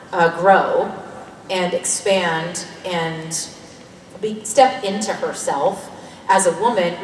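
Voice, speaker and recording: A Canadian woman in her thirties, an actor answering fan questions on a convention panel in a lively, joking, candid way. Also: mid-range voice, a little hiss or hum. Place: large convention hall. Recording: echoey hall recording from far off.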